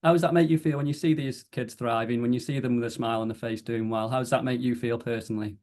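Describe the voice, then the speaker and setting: A male podcast host who speaks quickly and asks short questions. He keeps his replies brief and encouraging. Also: medium pitch, fairly even intonation, a little mellow. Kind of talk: interviewing.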